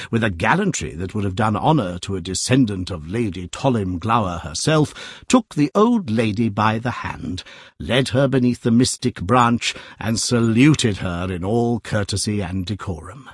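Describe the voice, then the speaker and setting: A man narrating a classic novel aloud, with a lively, varied storytelling delivery. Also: lowish voice, moderate pace, breathy edge, dry recording, studio quality.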